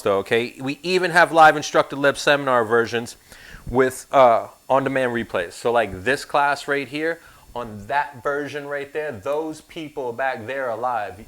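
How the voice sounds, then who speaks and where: A man's voice: mid-range voice, moderate pace, a bit bright. A man teaching an insurance course in a recorded class, with sarcastic, joking asides.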